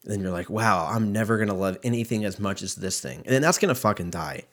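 A man's voice: fairly low pitch, expressive, quick pace. A young man hosting a solo podcast, rambling in a profane, self-mocking way as he talks. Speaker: podcast host. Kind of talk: casual solo podcast rant.

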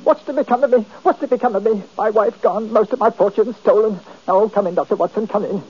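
A man's voice: high-pitched, quick pace, over music, lightly acted. An actor playing a self-pitying old male miser in a 1940s radio drama, whining and querulous. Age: older. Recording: dull lo-fi old radio recording.

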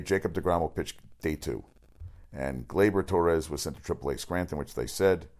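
Gravelly low-voiced sports radio man. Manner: rambling, excitable, swears often. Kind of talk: casual sports news rundown.

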